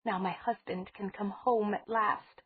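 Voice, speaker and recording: An earnest older mother speaks with quiet gravity in a husky, unhurried voice, as a woman narrator puts her on. Her speech is confiding, and the sound is dry and tinny, like a phone line. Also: mid-range voice, steady tone, dry recording, voice pushed up. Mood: solemn. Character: older woman, anxious protective mother of an old priestess family.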